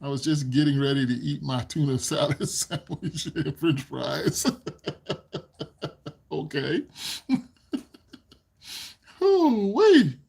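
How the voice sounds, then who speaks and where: A man's voice: fairly high pitch, steady tone, unhurried, vocal fry, long pauses, darkish tone, husky. A man hosting a casual livestream, chatting with his viewers, giggling often and rambling as he repeats himself into a desk microphone. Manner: giggly, laughs often between sentences. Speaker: livestream host.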